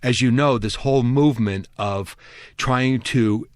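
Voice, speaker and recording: A man's voice: mid-range voice, unhurried, no room sound. A man from New Jersey who hosts a radio garden show, a horticulturist who chats with enthusiasm and talks at length in a studio. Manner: chatty, enthusiastic, talkative. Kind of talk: casual on-air chat. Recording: dry studio sound.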